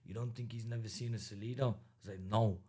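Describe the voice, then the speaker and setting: A man's voice: lowish voice, fairly even intonation, fast, a little mellow. A man in his thirties with an Irish accent, a boxer as guest, telling stories in a casual interview and swearing freely. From Ireland. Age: 30s.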